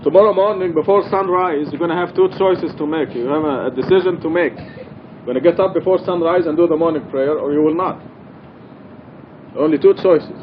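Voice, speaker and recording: Teaching a Quran study class in a mosque, a man with a slightly high voice talks a little fast, earnest and emphatic, hammering his key points through repetition. The lecture is captured on a lo-fi, dull-sounding recording with a faint underlying rumble.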